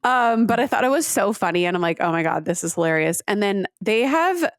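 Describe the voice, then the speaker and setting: A woman's voice: mid-range voice, lively intonation, a little fast, no echo, studio quality. A woman co-hosting a podcast, telling stories in casual chat with lots of "like" fillers. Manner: chatty storyteller, many "like" fillers. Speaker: podcast co-host.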